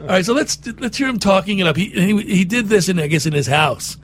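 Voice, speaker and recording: A man's voice: high-pitched, animated, fairly quick, slight background noise. A man hosting a talk show, chatting with sarcastic, mocking humor and frequent laughs. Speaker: radio host. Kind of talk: casual chat commentary.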